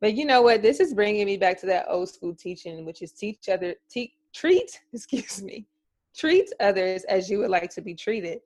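A woman's voice: mid-range voice, expressive, normal speed, darkish tone. A young woman co-hosting a casual chat show who speaks emphatically and encouragingly and laughs often. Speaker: podcast co-host.

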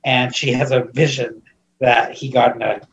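A man's voice: mid-range voice, little pitch movement, moderate pace, lo-fi sound, slight background noise. A man recapping a movie in casual chat, rambling with lots of fillers and restarts, amused and disbelieving. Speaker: podcast co-host recapping a movie.

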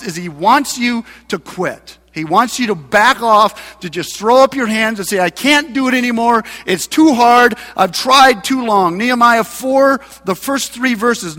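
A male pastor preaching a sermon in a church, emphatic and building to loud passages. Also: extremely high pitch. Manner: preaching with rising, emphatic mocking voices for scripture. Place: church sanctuary. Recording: long hall reverb.

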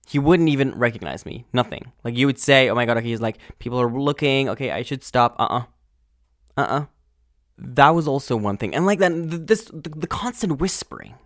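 Young male podcast host, animated sweary rant, mid-pitch voice, dead dry room. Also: dry recording. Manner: animated, swears a lot, trails off and restarts. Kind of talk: casual ranting monologue.

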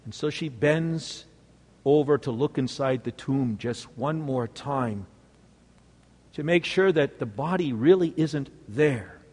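A male preacher telling a story in a sermon, swinging between loud exclamations and hushed, near-whispered lines. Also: mid-range voice, slow pace, breathy edge, in a large hall.

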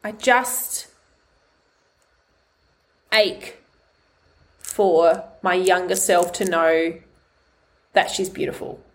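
A woman's voice: fairly low pitch, steady tone, drawn-out words, long pauses. A woman hosting a podcast, giving a passionate, heartfelt motivational monologue full of emphatic swearing. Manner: heartfelt and vulnerable. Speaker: podcast host.

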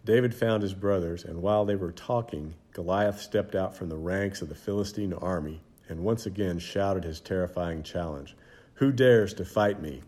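Male narrator with a deep, mellow voice, measured dramatic reading of a children's Bible story. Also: steady tone.

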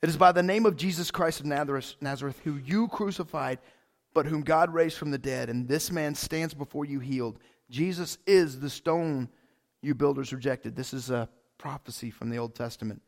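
A man preaching a sermon as pastor, casual and excited, with big swells in volume. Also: medium pitch, gravelly.

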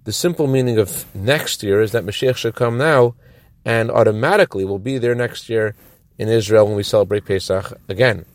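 A rabbi giving a short Torah teaching in a measured, explanatory way, slowing down to stress key phrases. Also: male voice, fairly low pitch, dry recording.

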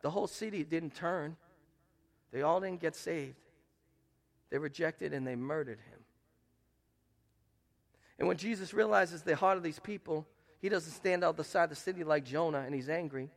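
A man preaching from the pulpit, his voice a touch higher than most men's and rough with gravel. He builds to loud, pressing peaks, then drops to hushed, tender passages as he drives his points home. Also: moderate pace, long pauses. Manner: preaches with swings between loud emphatic rises and soft hushed quotes. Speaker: pastor. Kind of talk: sermon. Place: church sanctuary.

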